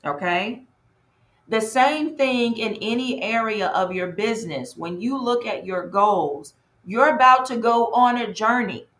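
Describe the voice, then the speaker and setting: Speaking a little slowly in a higher-pitched voice, the North Carolina coach runs her live online workshop in a lively, chatty manner. She greets viewers by name as they appear in the chat, and the audio has a roomy quality.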